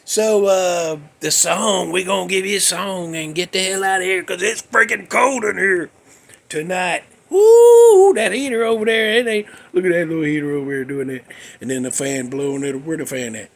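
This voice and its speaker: A man talks in a loose, rambling monologue, tossing in folksy jokes and asides. His voice sits high for a man. He speaks like a podcast host chatting to his regular listeners. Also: fairly even intonation, normal speed, vocal fry, fairly bright tone. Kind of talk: casual monologue. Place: cold room with a space heater.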